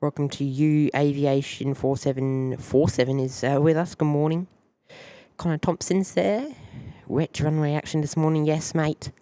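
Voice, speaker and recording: A man's voice: fairly high pitch, little pitch movement, moderate pace, warm tone, clean tone, dry recording. Chatty Australian guy hosting a live stream. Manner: loose, rambling chat that greets viewers one by one. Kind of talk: live plane-spotting commentary.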